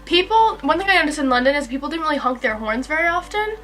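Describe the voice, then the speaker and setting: Bright-voiced young American woman. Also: sits high, animated, fast talker, faint music behind. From United States. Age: young adult. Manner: easygoing, laughs often, rambling with fillers. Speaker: university student. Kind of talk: casual chat.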